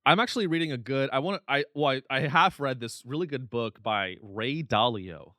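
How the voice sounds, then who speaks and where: A man's voice: medium pitch, fairly quick, sharp tone, dry recording, clean studio sound. A man hosting a podcast, ranting with profanity and exasperation, slipping into mocking voices of other people. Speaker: podcast host. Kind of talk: comedic rant.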